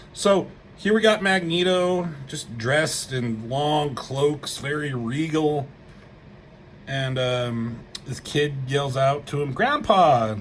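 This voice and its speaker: A man giving a casual, rambling comic book review, excited and swearing freely as he acts out lines. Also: medium pitch, slight background noise, low-quality recording.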